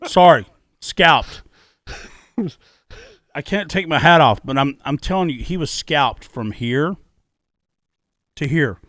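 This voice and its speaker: A middle-aged man co-hosts a podcast in an unhurried but very animated way, swinging his fairly high voice up and down. His tone is bright and gravelly, and he swears and repeats words for emphasis. The sound is dry and close. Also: no echo. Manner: emphatic, profane storyteller who repeats key words. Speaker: podcast co-host. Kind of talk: casual podcast chat. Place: podcast studio.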